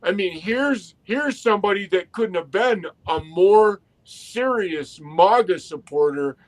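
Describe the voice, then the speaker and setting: A man's voice: sits high, expressive, slow pace, rough recording. A man co-hosting a casual podcast chat, talking emphatically, restarting his phrases and swearing. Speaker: podcast co-host.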